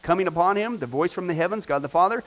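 A middle-aged pastor leads a discipleship class, his voice high and his pace quick. He keeps it lively and conversational, putting questions to the class.

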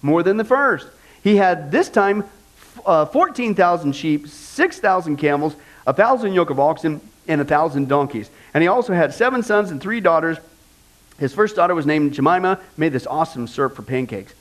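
High-voiced, animated man teaching Bible. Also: moderate pace. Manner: animated, jokey, conversational preaching. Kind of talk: energetic Bible lesson.

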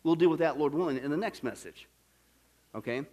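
High-voiced preacher, hushed to shouting. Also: male voice, a little fast. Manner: swings from hushed to shouting, emphatic. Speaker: pastor. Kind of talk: sermon.

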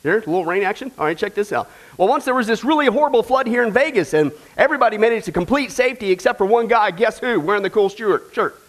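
A pastor preaches a sermon to his church in a loose, joking way. His voice sits very high for a man. He speaks folksy and chatty, calling his listeners folks. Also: lively intonation, fast, hardly any pauses. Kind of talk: sermon with a joke.

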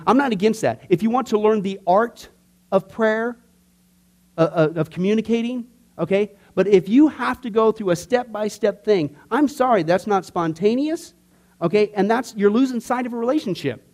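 Man, middle-aged, church class teacher, conversational, keeps asking "right?", fairly high pitch. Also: darkish tone. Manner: conversational, peppered with "okay?" and "right?".

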